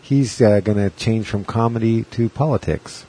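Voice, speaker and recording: A man's voice: fairly low pitch, normal speed, mellow. A man in his forties co-hosting a podcast, rambling and joking in casual chat. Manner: rambling, jokey, drifts into sing-song bits. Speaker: podcast co-host.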